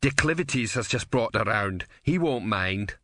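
A man's voice: lowish voice, lively intonation, normal speed, bright, forceful tone, no room sound, clean studio sound. A man voicing a chatty, folksy male barman in a storybook reading, rambling in a matter-of-fact way. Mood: chatty easygoing.

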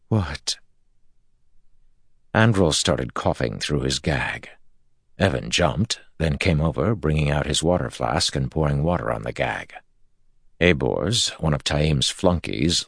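Very deep, gravelly male narrator. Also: animated, a little slow, a bit bright, dry recording, studio quality. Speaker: audiobook narrator. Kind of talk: scripted narration.

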